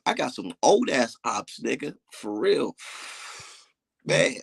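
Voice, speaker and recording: Gravelly-voiced young man ranting on a livestream. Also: medium pitch, sing-song, takes it slowly, dry recording. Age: young adult. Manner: boastful, dismissive, heavy swearing. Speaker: livestream host. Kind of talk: profane livestream rant.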